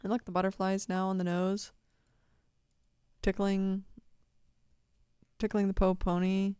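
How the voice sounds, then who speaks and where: A woman's voice: mid-range voice, flat delivery, measured pace, dark tone, smooth, no room sound, clean studio sound. A woman giving casual, rambling video commentary, swearing constantly and laughing often.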